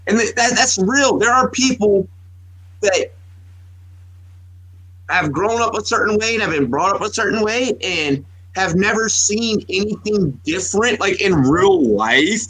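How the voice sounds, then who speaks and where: A man in his thirties co-hosting a sports podcast, speaking in a husky, slightly raised voice. He tells long, profane stories and keeps backing up to restart his sentences. The mic is close and the sound is dry. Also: high-pitched, moderate pace, pushed and bright, no echo, poor audio. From United States. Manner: profane, rambling storyteller with many restarts. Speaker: podcast co-host. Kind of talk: casual sports talk.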